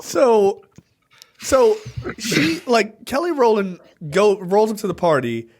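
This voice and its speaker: Man, high voice, very lively pitch, casual movie podcast chat, acts out lines. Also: takes it slowly. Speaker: podcast co-host.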